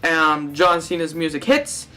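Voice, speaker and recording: Talking over loud music, this young man has a voice on the high side and a measured pace. He's a wrestling fan vlogger musing loosely about fantasy booking, correcting himself and joking as he rambles on.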